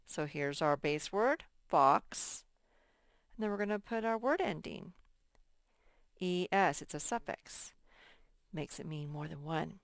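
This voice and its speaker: A woman walks young children through a reading lesson at an unhurried pace. Her voice is smooth and crisp, with a patient, sing-song lilt. The sound is close and dry. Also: low voice, lively intonation, fairly bright tone, no echo. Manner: slow, patient, sing-song teacher delivery. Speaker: first grade teacher. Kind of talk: recorded classroom lesson.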